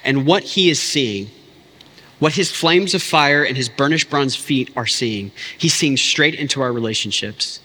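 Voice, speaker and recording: Pastor, male, 30s, earnest and chatty from the pulpit, bright tenor, big church hall reverb. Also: mid-range voice, lively intonation, unhurried. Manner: impassioned, conversational, lots of "like" asides. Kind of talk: sermon.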